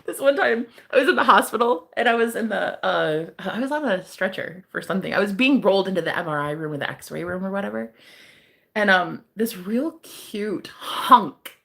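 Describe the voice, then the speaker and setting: A brash woman talks in casual chat, teasing and joking between frequent bursts of laughter. Her voice has a gravelly edge. It swings widely in pitch as she talks. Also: lively intonation, moderate pace, a bit bright. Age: adult, married eight and a half years. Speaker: psychic streamer.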